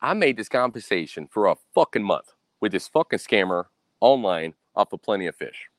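A young American man tells a story in a casual monologue, blunt and full of swearing. His voice sits on the low side but jumps around a lot in pitch, and he keeps tossing in "right?" The recording is dry and close, with little room sound. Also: sing-song, moderate pace, no room sound. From United States. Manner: blunt, profane, ranting.

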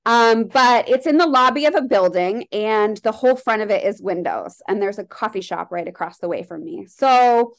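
A woman's voice: medium pitch, expressive, moderate pace, vocal fry, few pauses. A woman from Colorado, a shop owner and artist, talking candidly in a casual interview, rambling with lots of "like". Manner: rambling, heavy use of "like", candid.

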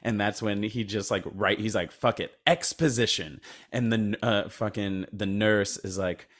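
A man's voice: lowish voice, flat delivery, moderate pace. A man co-hosting a podcast, rambling through a movie recap in casual chat, swearing freely and mumbling characters' lines. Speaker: podcast co-host.

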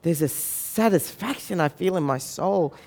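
A man's voice: a little high, measured pace. A man, telling a humorous story to an audience and acting out the voices of people in it. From Australia. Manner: animated, acts out the voices of people in his story. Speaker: speaker.

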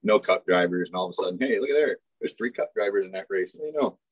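A man who is a guest on a racing podcast, chatting casually and laying out his points in a measured way. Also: deep voice, animated, husky, no echo.

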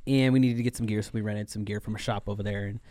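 A man from Arizona, co-hosting a casual chat and telling stories in an animated way. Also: fairly low pitch, very fast. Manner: chatty, animated storyteller. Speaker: podcast co-host.

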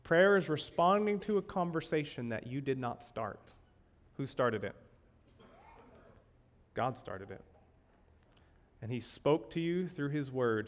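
Man preaching with emphatic repetition. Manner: conversational, repeats key phrases, rises in pitch for emphasis. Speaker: pastor. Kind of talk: sermon.

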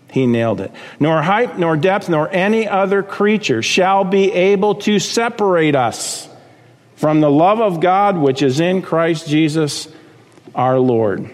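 A man's voice: on the high side, a little slow, a little mellow. Emphatic male preacher in a reverberant church. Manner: emphatic preaching with rhetorical questions. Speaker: pastor. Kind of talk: sermon.

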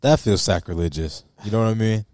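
A man's voice: on the low side, brisk, a little mellow, dry recording, clean studio sound. A man reacting to a food video with incredulous, mocking, laughing banter. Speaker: reaction commentator. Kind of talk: casual reaction commentary.

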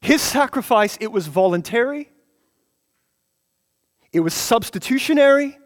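A man's voice: very high-pitched, lively intonation, a little slow, long pauses. A man preaching a sermon, emphatic, repeating phrases for stress and building to passionate peaks. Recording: long hall reverb.

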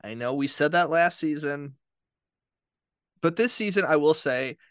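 A man's voice: fairly high pitch, lively intonation, a little slow, smooth, no echo, clean studio sound. A man co-hosting a podcast in casual chat, laughing often and acting out what others might say. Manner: chatty, laughs often, acts out quotes. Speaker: podcast co-host.

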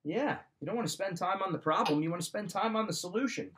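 A man's voice: sits high, fast talker, a bit bright. A man hosting a show, giving motivational advice in an emphatic, direct way and repeating his points. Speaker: podcast host. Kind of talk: motivational talk.

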